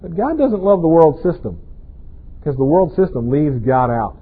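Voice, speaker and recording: A man's voice: fairly high pitch, very animated, moderate pace, husky. A pastor preaching a sermon in a conversational way, often asking his congregation rhetorical questions. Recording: tinny, phone-like band-limited sound.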